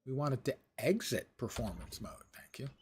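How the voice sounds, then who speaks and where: A man's voice: medium pitch, very animated, moderate pace, a little hiss or hum. A man livestreaming a game, giving casual commentary in a wry, self-deprecating way.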